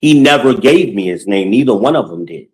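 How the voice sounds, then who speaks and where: A man's voice: fairly low pitch, expressive, fairly quick, rough recording. A middle-aged man hosting a podcast, telling stories in a blunt, profane casual monologue. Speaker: podcast host.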